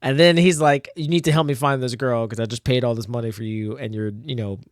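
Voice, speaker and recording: A comic artist flips through his own old comic, laughing a lot and teasing himself with plenty of fillers. His mid-range voice moves fast, recorded in clean studio sound with no echo.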